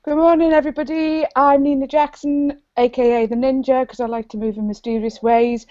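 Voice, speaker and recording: Playful woman with a higher, mellow voice. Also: flat delivery, a little fast, no room sound. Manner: playful, jokey. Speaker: education consultant. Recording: dry lo-fi online call audio.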